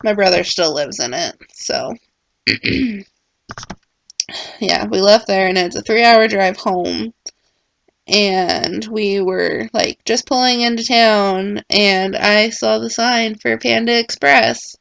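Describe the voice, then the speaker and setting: A woman's voice: mid-range voice, slow, vocal fry, fairly bright tone, dry recording. A young woman talking casually in a personal vlog, rambling and full of filler words. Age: young adult. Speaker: vlogger.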